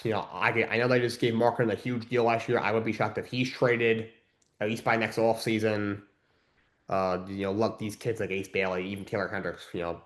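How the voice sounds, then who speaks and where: A man hosting a sports podcast, recapping games in casual talk, rambling with fillers and restarts and giving blunt opinions. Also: lowish voice.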